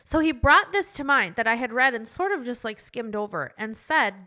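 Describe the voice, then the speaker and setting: A woman hosting a podcast, telling a personal faith story in an animated, chatty way that turns emotional at times. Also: fairly high pitch, normal speed, hardly any pauses. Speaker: podcast host.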